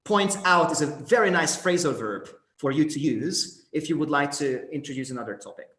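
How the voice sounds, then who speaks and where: A man's voice: fairly high pitch, animated, moderate pace, fairly bright tone, echoey room. A man with an Argentine Spanish accent leading an English workshop on debate phrases, hesitant with many fillers and often checking with the group. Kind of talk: teaching debate phrases in an online class.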